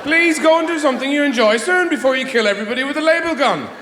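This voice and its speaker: A man with an Irish accent, performing stand-up in a rambling, sardonic way. His voice sits high and swings wildly in pitch, and the sound is roomy with a faint hiss behind it. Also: expressive, quick pace, a crowd in the background. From Ireland. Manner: rambling, sardonic, mock-exasperated asides. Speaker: stand-up comedian. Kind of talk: stand-up routine. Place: theater stage.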